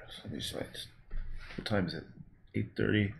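Casting note: low-voiced man, loose rambling livestream chatter, faint mouse clicks behind. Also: creaky, pushed and bright, slight background noise. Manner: rambling, laid-back, swears casually. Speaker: painter streaming his work. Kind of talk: casual livestream talk while painting.

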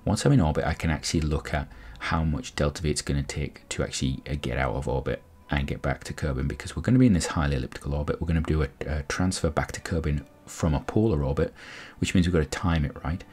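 A man's voice: very deep voice, fast talker, hardly any pauses, darkish tone, breathy edge. A man giving casual, rambling commentary on a space game, explaining each step as he goes. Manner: rambling, explanatory, frequent restarts. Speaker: gameplay commentator.

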